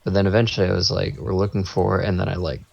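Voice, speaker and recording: This man has a deep, slightly mellow voice with vocal fry and a flat delivery, and he talks fast. As a podcast co-host in casual chat, he spins a wandering anecdote and acts out quotes, all in dull lo-fi sound.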